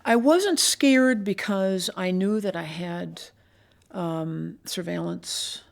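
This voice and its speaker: An older woman, a retired police commander, recounting her years on the force in a measured, reflective interview. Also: lowish voice, vocal fry. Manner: measured, reflective storytelling with pauses. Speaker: retired police assistant chief.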